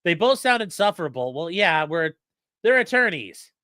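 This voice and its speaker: A man's voice: sits high, very animated, normal speed, pushed and bright, dry recording, clean studio sound. A male lawyer giving blunt, profane live-stream commentary and reading out chat.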